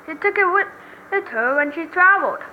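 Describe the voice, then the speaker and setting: A woman's voice: very high voice, expressive, fairly quick, lo-fi sound, a little hiss or hum. A woman voicing a young male defense lawyer in a game, earnest and emphatic in a dramatic way. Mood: triumphant.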